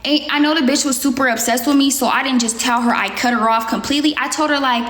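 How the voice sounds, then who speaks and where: High-voiced woman telling a profane story. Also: fast talker. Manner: animated, profane, acts out quotes. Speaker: rapper telling a story on a livestream. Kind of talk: casual storytelling on a livestream. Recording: echoey room.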